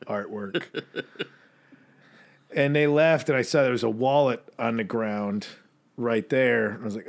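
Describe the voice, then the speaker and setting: A man co-hosting a podcast, telling stories in a casual, animated way and putting on high voices for the people in them. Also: normal speed. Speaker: podcast co-host. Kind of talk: casual chat.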